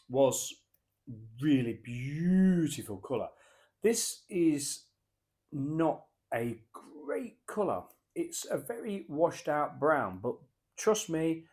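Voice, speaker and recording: A man's voice: medium pitch, darkish tone. A man reviewing a beer on camera in a casual, rambling way, often correcting himself mid-sentence. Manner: rambling, chatty, self-correcting. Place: pub.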